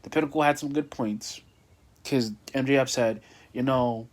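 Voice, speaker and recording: A man's voice: mid-range voice, normal speed. A young man casually recapping a wrestling show, rambling with many fillers and restarts.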